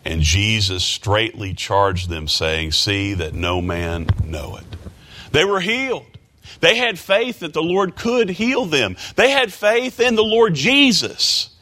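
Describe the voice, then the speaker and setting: A man leading a prayer and then preaching a sermon, rising to loud, high emphasis and reading scripture in old-fashioned wording. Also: expressive, slow.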